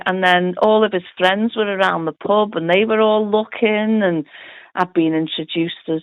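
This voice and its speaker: A middle-aged woman from Liverpool, England, tells her family story in an interview, chatty and full of quoted dialogue. Her voice is mid-range and measured in pace, and the audio sounds tinny, like a phone.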